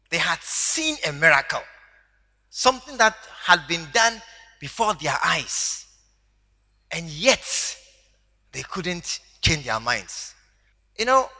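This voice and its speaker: A man preaching a sermon to a congregation, animated and teasing, laughing along with them. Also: high-pitched. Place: church hall. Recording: long hall reverb.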